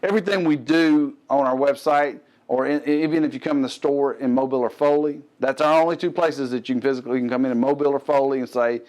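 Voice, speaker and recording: Man, Southern American accent, middle-aged, fitness show host, casual rambling talk, joking asides, medium pitch. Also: fairly even intonation, fast talker, few pauses, a little mellow. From Gulf Coast of the US.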